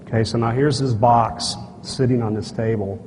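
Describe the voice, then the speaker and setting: A man giving a live conference talk, telling a personal story in a blunt, folksy way, acting out dialogue and often clearing his throat. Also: mid-range voice, moderate pace. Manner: animated storyteller who acts out dialogue and gestures; blunt and folksy, with frequent asides to the audience. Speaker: speaker at a conference. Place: stage in a large conference hall. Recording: archival talk, echoey hall, faint noise.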